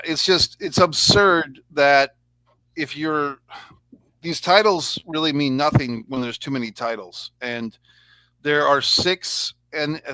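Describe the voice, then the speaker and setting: A man's voice: medium pitch, bright, forceful tone, no echo. A man hosting a casual review chat, rambling and sarcastic as he talks things through. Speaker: podcast host.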